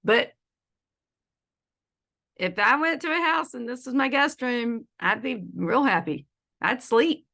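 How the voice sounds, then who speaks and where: Bright, chatty woman teaching. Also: a little high, expressive, takes it slowly, creaky, long pauses. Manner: chatty and playful, laughs often, says y'all. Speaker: feng shui consultant teaching an online class. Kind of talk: casual online presentation. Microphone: video call.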